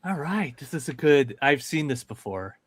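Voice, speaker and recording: A man's voice: medium pitch, big pitch swings, moderate pace, no room sound. A man co-hosting a casual online show, easygoing and full of "yeah" and "all right" as he reviews photos. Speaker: podcast co-host reviewing toy photos. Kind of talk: casual chat.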